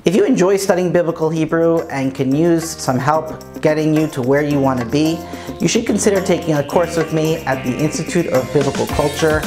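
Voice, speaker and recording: A man's voice: on the high side, brisk, music in the background. A man teaching a lesson, patiently explaining pronunciation step by step. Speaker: Hebrew teacher.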